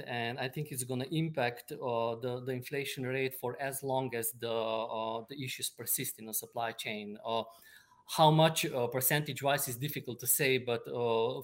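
Male expert guest, mid-pitched, measured and halting delivery. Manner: measured, explanatory, many ums and uhs. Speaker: supply chain expert guest. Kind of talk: remote interview answers.

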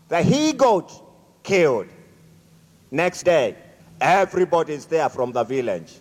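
A man telling a folk tale to an audience, slow and dramatic, speaking to them directly. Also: fairly high pitch, big pitch swings. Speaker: storyteller. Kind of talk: animated folk-tale storytelling. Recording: echoey hall.

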